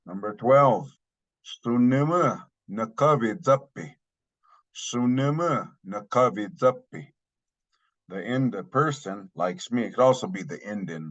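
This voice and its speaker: A man's voice: lowish voice, fairly bright tone. A man teaching a language lesson, carefully saying each phrase twice and then explaining it. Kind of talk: slow spoken language lesson. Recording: dull lo-fi sound.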